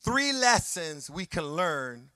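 A male pastor preaches with animated delivery, dropping into quiet asides and rising into shouted passages while acting out the voices of people and scenes. His voice is fairly high and slow-paced, captured in a dry recording.

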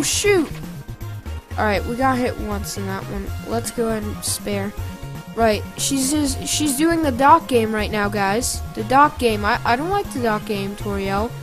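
A woman giving casual, excitable gameplay commentary with loud exclamations. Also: a little high. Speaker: gaming channel host.

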